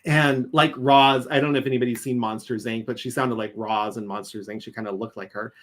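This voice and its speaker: A man's voice: mid-range voice, brisk. A man from California, a nursing executive guest in an interview, telling stories animatedly and acting out quotes. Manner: animated storyteller, acts out quotes, laughs. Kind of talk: interview conversation, storytelling.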